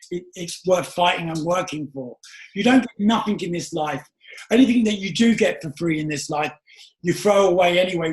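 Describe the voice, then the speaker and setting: A man's voice: high-pitched, echoey room, rough recording. A man hosting a casual interview, talking earnestly and with emphasis. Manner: earnest, emphatic, often asks "do you get what I'm saying". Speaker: podcast host.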